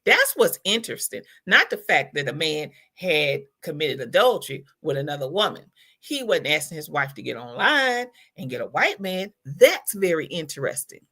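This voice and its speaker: A woman's voice: low voice, sing-song, normal speed, sharp tone, slightly rough. A woman host reacting to a video in casual commentary, incredulous and scolding.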